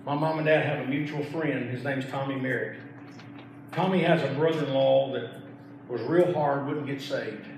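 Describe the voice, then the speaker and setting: A man's voice: mid-range voice, normal speed, darkish tone. A middle-aged man, a pastor, preaching an emphatic sermon with repeated phrases. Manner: emphatic, repetitive preaching with rising intensity. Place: church sanctuary. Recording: echoey church from far off, noisy.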